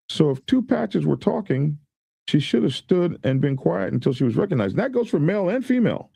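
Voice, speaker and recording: A man's voice: a little high, gravelly, warm tone, no room sound. A man hosting a show, giving rambling casual commentary and reading viewer comments aloud. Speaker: host.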